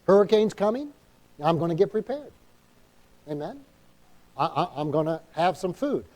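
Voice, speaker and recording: A male pastor with a New England accent preaches with a high, warm voice. He is emphatic, stops often for an amen, and acts out small dialogues as he goes. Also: sing-song, normal speed. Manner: emphatic preaching, calls for amens; acts out quoted inner dialogue. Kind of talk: sermon.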